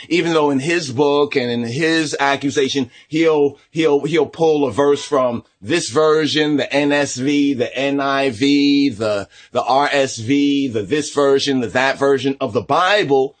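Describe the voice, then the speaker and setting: A man's voice: medium pitch, unhurried, hardly any pauses. A man giving a heated commentary vlog on religion, combative and repetitive, with frequent tag questions.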